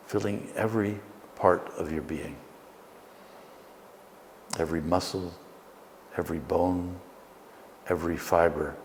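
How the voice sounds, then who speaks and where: A man teaching and leading a guided meditation, speaking slowly and gently in a soothing way. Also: deep voice, big-room sound, a little hiss or hum. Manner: slow, gentle, soothing guidance.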